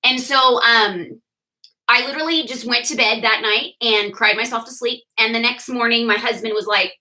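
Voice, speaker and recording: A young adult woman telling her personal story to a team, animated and laughing often as she acts out what people said. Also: on the high side, moderate pace, poor audio. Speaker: direct sales leader sharing her story. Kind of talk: personal testimony talk to a team.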